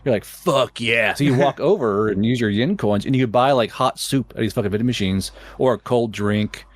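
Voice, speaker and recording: Brief: casual male storyteller, mid pitch, dry close sound, swears a lot, trips over his words. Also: brisk, no room sound. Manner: rambling, profane, stammering restarts, laughing.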